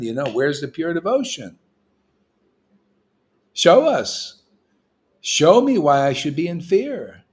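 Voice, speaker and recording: A man giving an informal, animated spiritual talk to a group, streetwise in tone and swinging between loud bursts and hushed asides. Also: on the high side. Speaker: spiritual teacher leading a devotee meetup. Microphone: livestream mic.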